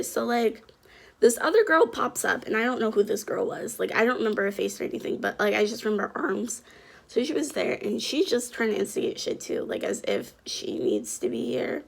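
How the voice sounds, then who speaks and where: A young woman vlogger telling a story in a chatty, animated way, full of slang and fillers. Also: fairly high pitch, moderate pace, creaky. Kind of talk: casual storytelling to camera.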